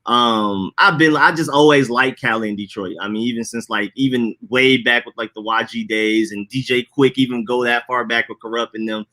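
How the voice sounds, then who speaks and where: A young man co-hosts a podcast in relaxed, slangy chat. His voice is bright and forward, and he laughs often as he talks. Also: medium pitch, normal speed, few pauses. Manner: laughs often, animated, loose slangy talk. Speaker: podcast co-host. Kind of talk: casual chat.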